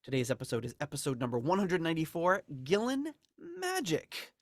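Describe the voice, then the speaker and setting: A man's voice: fairly high pitch, huge pitch swings, fairly quick, hardly any pauses, dry recording, studio quality. A man hosting a fan podcast, telling a rambling everyday story with plenty of fillers. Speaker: podcast host. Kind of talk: casual chat. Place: home in suburbs.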